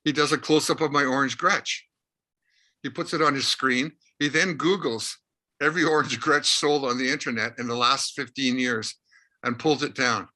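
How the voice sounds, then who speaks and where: Bright-voiced older man telling a story. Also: medium pitch, normal speed. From Canada. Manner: lively anecdotal storyteller, acts out quoted dialogue. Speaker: interview guest, rock musician. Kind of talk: animated storytelling.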